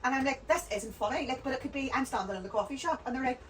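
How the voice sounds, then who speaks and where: Fast-talking woman. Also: high voice, a bit bright, recorded from a distance, slight background noise, rough recording. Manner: rambling, chatty storytelling. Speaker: podcast guest. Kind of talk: casual chat.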